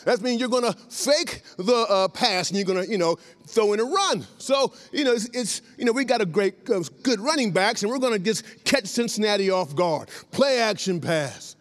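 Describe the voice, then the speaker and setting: A man from Columbus, Ohio, a former football lineman, telling a lively story to an audience, acting out lines and breaking into shouts. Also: high voice, moderate pace, hardly any pauses. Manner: animated, acts out quotes, bursts into shouts.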